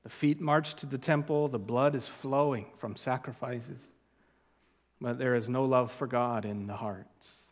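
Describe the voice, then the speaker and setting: A man preaching an expository sermon, stressing key words loudly and dropping to quiet asides. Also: medium pitch, fairly even intonation. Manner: emphatic, deliberate, swings from loud stresses to quiet asides. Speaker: pastor. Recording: long hall reverb.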